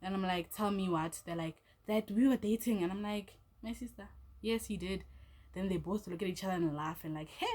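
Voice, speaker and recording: A woman's voice: on the low side, fairly quick, darkish tone. A woman telling a storytime vlog. She talks casually, swears freely and acts out each person's lines as she goes. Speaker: vlogger.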